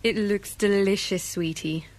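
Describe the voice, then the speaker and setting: A woman voicing a kind, gentle father in a children's story. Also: medium pitch, steady tone, unhurried, a little hiss or hum, lightly acted. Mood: warm.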